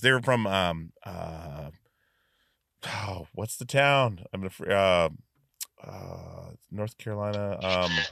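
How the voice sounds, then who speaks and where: A man hosting a podcast, chatting and telling stories in an animated way with many fillers. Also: low-pitched, slow, creaky, dry recording, studio quality. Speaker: podcast host. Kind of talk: casual chat.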